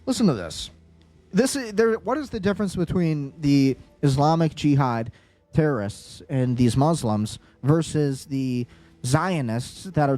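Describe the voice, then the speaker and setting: A man's voice: medium pitch, mellow. A man hosting a solo political commentary show, talking in an agitated, insistent way and repeating his phrases for emphasis.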